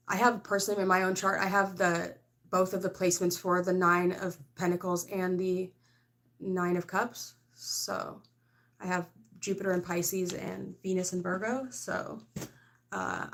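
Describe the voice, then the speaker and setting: A woman's voice: on the low side, vocal fry, fairly bright tone. A woman doing a casual tarot reading to camera, rambling and frank, full of "like" and "I don't know", with laughs mixed in. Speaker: tarot reader.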